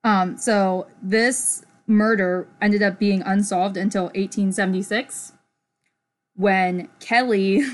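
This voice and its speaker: A woman in her forties co-hosting a casual podcast, telling a story slowly with fillers. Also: mid-range voice, steady tone. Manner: slow, halting telling with fillers and laughs. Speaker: podcast co-host.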